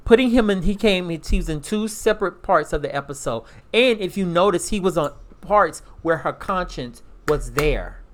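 A woman's voice: fairly low pitch, lively intonation, moderate pace, few pauses. A woman in a casual podcast chat, laying out her theories analytically. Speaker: podcast co-host.

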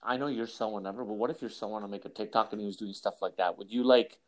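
A man's voice: fairly low pitch, quick pace, a crowd in the background. A man co-hosting a podcast, chatting casually and joking, talking in bursts with lots of fillers. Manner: animated, joking, talks in bursts with many fillers. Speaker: podcast co-host. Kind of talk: casual chat.

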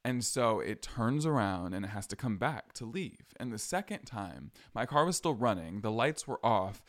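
A man's voice: fairly low pitch, very animated, normal speed. A young adult man hosting a podcast, telling a personal story in a casual, sassy way with slang asides. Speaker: podcast host.

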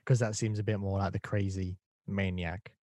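A man's voice: low-pitched, level tone, normal speed, darkish tone, no echo. Blunt opinionated man, dry mic. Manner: blunt, opinionated, mimics voices when quoting. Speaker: podcast co-host. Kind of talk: casual film review chat.

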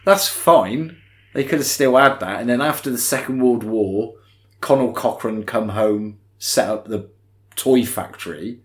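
A man in casual podcast conversation, walking through a film's story in an easy, rambling way. His voice sits at an ordinary middle pitch. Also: a little slow. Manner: chatty, retells scenes in quoted voices. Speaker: podcast co-host. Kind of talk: casual film-review chat.

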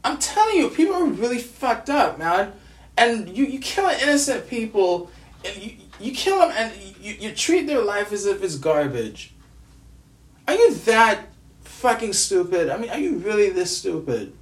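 A man from the United States speaks with raw anger and grief, cursing and tripping over repeated words. His pitch swings up and down through the rant. The recording carries a roomy echo. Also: sing-song, moderate pace. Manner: angry, profane, stammering repetitions. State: grieving, furious. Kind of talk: angry personal vlog rant.

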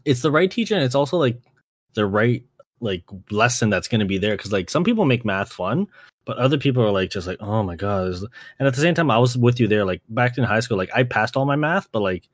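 A young man from Canada hosting a podcast, telling stories in a casual chat, swearing often and acting out quotes in a higher voice. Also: lively intonation, fast, dry recording, clean studio sound. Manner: laid-back, swears a lot, acts out quotes with a jump in pitch. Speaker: podcast host.

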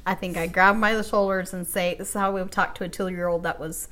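A woman's voice: fairly low pitch, steady tone, fast, a bit bright. A woman co-hosting a podcast in casual chat, making sarcastic, mocking comments. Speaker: podcast co-host.

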